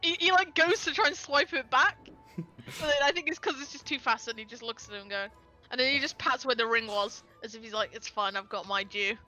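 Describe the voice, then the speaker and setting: A woman's voice: sits high, brisk, bright, forceful tone, soft background music. A woman player casually describing her character's actions in a tabletop game. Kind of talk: tabletop role-play narration. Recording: slightly dull, lo-fi sound.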